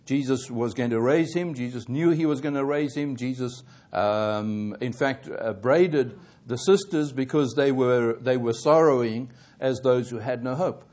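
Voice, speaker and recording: A man preaching a sermon, halting and correcting himself often, growing more emphatic as he presses his points. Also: mid-range voice, a little mellow. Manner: halting, with many fillers and self-corrections.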